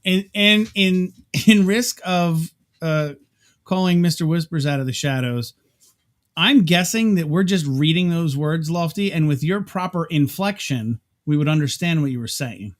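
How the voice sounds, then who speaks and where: Laughing man with a higher voice. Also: expressive, unhurried. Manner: laughs often, self-deprecating. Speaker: livestream co-host. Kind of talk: casual chat reading viewer comments.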